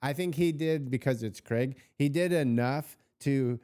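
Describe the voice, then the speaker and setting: A man's voice: mid-range voice, measured pace, mellow, clear, resonant tone. A man co-hosting a podcast, chatting in a wry, laid-back way and swearing casually. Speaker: podcast co-host. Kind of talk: casual recap chat.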